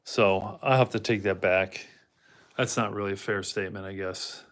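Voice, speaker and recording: A man's voice: lowish voice, fairly even intonation, moderate pace, a bit bright. A man hosting a casual livestream in a rambling way, reading out chat comments and talking to his dog now and then. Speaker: livestream host.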